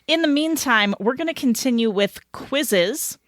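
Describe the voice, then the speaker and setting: A woman co-hosting a podcast in casual, rambling chat, quick to laugh. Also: high-pitched, lively intonation, fairly bright tone, dry recording. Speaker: podcast co-host.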